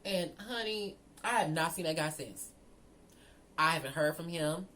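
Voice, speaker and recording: A woman tells a storytime to her viewers in a lowish voice. She is animated and profane, calling out "girl" and "y'all" as she goes. A faint room hum sits behind her. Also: unhurried. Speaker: storyteller vlogger. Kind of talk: casual storytime vlog.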